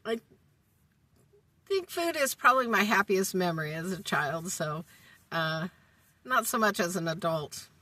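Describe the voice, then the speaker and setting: A woman's voice: on the low side, lively intonation, measured pace, long pauses, sharp tone, no room sound, recorded from a distance. A woman in her forties talking casually to her camera inside her van, meandering with many ums and uhs, and ending with a folksy, faith-filled goodbye. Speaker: vlogger. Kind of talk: casual rambling talk to camera.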